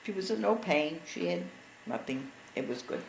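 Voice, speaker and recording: A woman in her sixties telling family stories in casual conversation, lively and acting out what others said. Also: fairly low pitch, moderate pace, vocal fry. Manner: animated, acts out quotes of others. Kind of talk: casual storytelling. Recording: echoey room with faint background noise.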